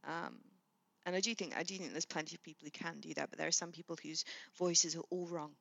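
A woman's voice: deep voice, quick pace, vocal fry, a bit bright, no room sound, dull audio. A young woman with a Southwest London accent, a casting associate chatting as a podcast guest, thoughtful and restarting her sentences often. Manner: thoughtful, with frequent restarts and fillers. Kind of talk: casual chat.

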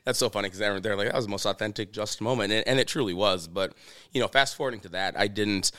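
Deep, smooth-voiced man telling stories. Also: quick pace, fairly bright tone, no echo, studio quality. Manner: rambling storyteller, many restarts and "you know". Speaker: guest chef and TV host. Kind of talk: casual interview chat.

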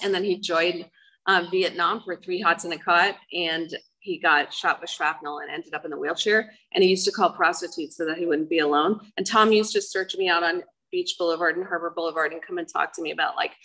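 A woman's voice: fairly low pitch, bright, forceful tone, rough recording. A middle-aged woman giving a personal testimony talk, earnest and emotional, with many fillers. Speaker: speaker sharing her life story.

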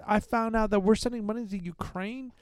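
A man's voice: high-pitched, steady tone, fairly quick, clear, resonant tone, no room sound, studio quality. A middle-aged American man co-hosting a podcast, ranting with heated indignation. He swears freely and often restarts his sentences. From United States. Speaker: podcast co-host. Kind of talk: casual profane podcast rant.

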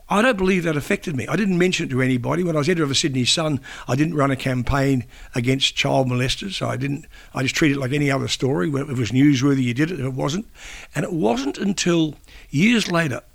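An older man from New Zealand with a gravelly, fry-laden voice speaks as an interviewee. He was once a newspaper editor and broadcaster. He tells a personal story haltingly, often restarting his sentences. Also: mid-range voice. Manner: halting, with frequent restarts and fillers.

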